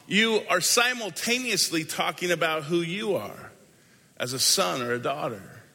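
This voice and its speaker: A man preaching a sermon as a pastor, conversational and emphatic, moving between quick asides and slow, stressed phrases. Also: a little high, pushed and bright. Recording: long hall reverb.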